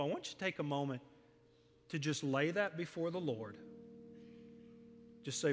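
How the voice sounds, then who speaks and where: A man's voice: on the high side, moderate pace, pauses often, faint music behind. A middle-aged man, preaching a sermon in a church, earnest and storytelling, his voice swelling on emphatic lists. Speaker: pastor. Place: church sanctuary. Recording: long hall reverb.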